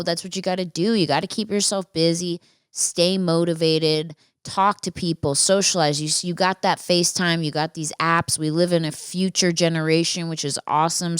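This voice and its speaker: Woman podcast host, low smooth voice, chatty profane storytelling, dry close mic. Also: no echo. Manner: profane, chatty, animated storytelling with friendly asides.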